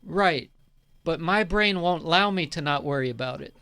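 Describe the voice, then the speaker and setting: A man's voice: fairly high pitch, normal speed, bright, forceful tone, clear, resonant tone, no room sound. A man on a radio show casually and fussily explaining a small worry. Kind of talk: casual chat.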